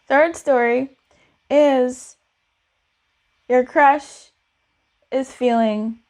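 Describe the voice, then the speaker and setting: A woman's voice: high-pitched, extremely slow, pauses often, darkish tone. A woman giving a casual tarot reading in a chatty, giggly, playful way. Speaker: tarot reader.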